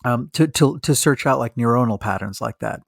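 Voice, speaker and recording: A man's voice: mid-range voice, a little fast, gravelly, no echo, clean studio sound. A man co-hosting a medical podcast, chatting casually with enthusiasm, often restarting his sentences and laughing. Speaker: podcast co-host, physician.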